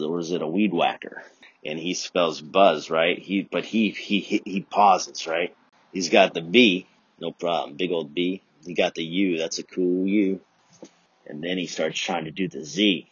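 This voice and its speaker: A low-voiced man with a husky edge rants through a podcast monologue, cursing freely and bouncing from tangent to tangent. The sound is dry and a bit dull, like a lo-fi home recording. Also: moderate pace, a bit bright, no room sound. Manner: profane, riffing, jumps between tangents. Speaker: podcast host. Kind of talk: rambling comedic monologue.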